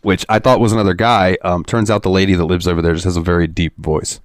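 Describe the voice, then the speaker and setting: Male podcast host, low voice, dry close sound, swears and laughs through his stories. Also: fairly even intonation, fast talker, no room sound. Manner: profane, laughing storyteller. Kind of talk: casual chat.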